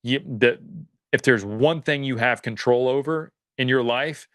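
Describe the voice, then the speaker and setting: A man's voice: mid-range voice, measured pace, fairly bright tone, no room sound. A man speaking as a podcast guest, earnest and reflective, often circling back and restarting his thoughts. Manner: earnest, searching, lots of fillers and restarts. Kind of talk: casual reflective conversation.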